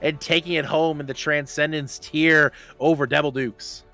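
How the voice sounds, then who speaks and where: A man casting a live esports match as host, calling each play quickly. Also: a little high, steady tone, bright, forceful tone, soft background music. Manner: fast play-by-play calls, then groaning through eating spicy jelly beans. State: mouth burning from spicy jelly beans.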